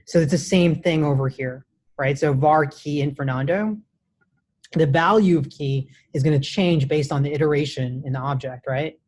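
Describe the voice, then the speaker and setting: A man's voice: fairly high pitch, moderate pace, a little mellow. Casual male coding teacher. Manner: casual, many restarts, says "right?" often. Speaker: coding instructor. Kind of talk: live classroom lecture. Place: classroom.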